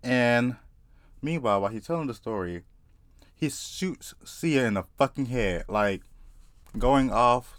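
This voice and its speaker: A young man from South Carolina with a Southern accent, telling a story in a casual, profane, excitable and rambling way. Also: mid-range voice, a little slow, long pauses, no room sound, clean studio sound. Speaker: vlogger.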